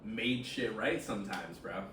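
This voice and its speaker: A man who manages a sandwich shop, telling stories in an animated, swearing way, saying bro a lot. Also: on the low side, unhurried. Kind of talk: casual podcast chat, storytelling. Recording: roomy, far from the mic, noisy.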